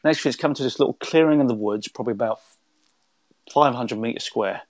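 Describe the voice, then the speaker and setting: A man's voice: mid-range voice, a little fast, dry recording. A man, a guest telling a long spiritual story in a rambling, conversational way with many restarts.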